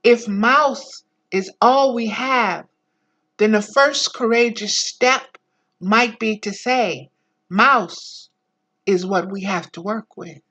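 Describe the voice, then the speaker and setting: A woman reads a book aloud at an unhurried pace, lingering on phrases as she teaches. Her voice is bright and forward. Now and then she slips into quieter, lower personal asides to her listeners. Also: low-quality recording. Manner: slow, deliberate reading, drifting into soft low asides. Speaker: spiritual teacher reading aloud.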